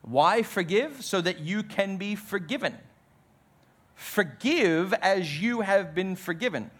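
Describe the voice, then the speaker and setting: High-voiced pastor preaching slowly. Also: male voice, animated, fairly bright tone. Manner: emphatic preaching, drops low on key words. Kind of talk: sermon.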